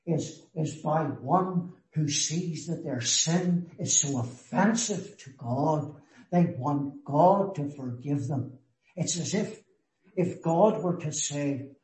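Preacher, male, measured and earnest, slow delivery, reverberant room. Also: fairly high pitch. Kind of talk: sermon. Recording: echoey room.

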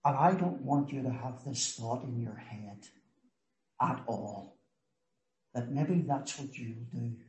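Preacher, male, measured and earnest, slow delivery, reverberant room. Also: medium pitch, darkish tone, muffled recording. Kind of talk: sermon. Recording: echoey room.

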